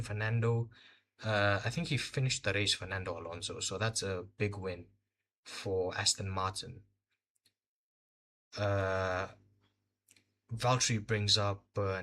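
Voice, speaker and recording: A man's voice: lowish voice, a bit bright. A tired young man from Botswana hosting a casual live race recap, hesitant and full of fillers as he fumbles for words. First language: Indian heritage, speaks Hindi. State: tired, short on sleep. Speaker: host of a live race watch-along.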